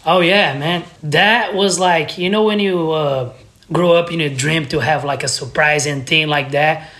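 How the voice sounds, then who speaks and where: A man's voice: on the high side, a little slow, pushed and bright. A man from Brazil, a guest on a podcast, telling a story in a loose, laughing, profane way with lots of restarts. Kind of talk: casual storytelling.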